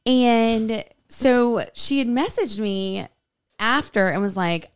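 A woman, co-hosting a podcast, telling a lively story in casual chat and laughing often. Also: a little high, slow pace, clear, resonant tone. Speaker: podcast co-host.

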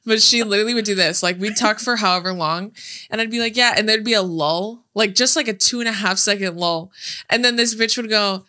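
A woman's voice: on the high side, a little fast, pushed and bright. A young woman chatting casually, swearing freely and laughing as she acts out phone calls with her family. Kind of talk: casual chat.

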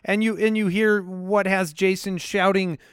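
An upbeat man hosts a podcast in easy, joking banter, his voice sitting a little high. The sound is dry and close, with no room in it. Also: little pitch movement, a little slow, clean tone, dry recording. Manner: upbeat, runs the show and reads listener questions. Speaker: podcast host.

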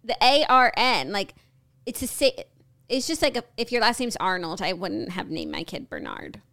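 A young woman co-hosting a casual chat podcast, relaxed and wry, often giving short reactions. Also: mid-range voice, moderate pace, creaky. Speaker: podcast co-host.

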